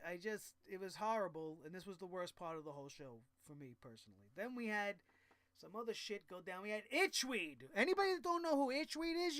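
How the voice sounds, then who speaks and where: Smooth-voiced, profane ranting wrestling reviewer man. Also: high voice, fairly bright tone, dry recording. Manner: profane, exasperated, sarcastic. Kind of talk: casual ranting recap.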